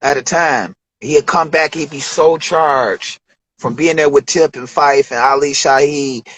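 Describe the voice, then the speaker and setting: A man in his forties from Detroit, a rapper telling studio stories in a loose, profane, animated way during an interview. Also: fairly high pitch, measured pace, low-quality recording. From Detroit, USA. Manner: profane, animated storytelling with acted quotes. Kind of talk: casual storytelling interview.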